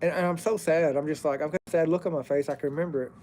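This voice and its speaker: A middle-aged man with a fairly high voice spins a rambling, casual story outdoors by a fire. He drifts off track to say hello to viewers and then picks the thread back up. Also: fairly even intonation, very fast, a little mellow, slight background noise. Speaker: plumber telling stories on a live stream.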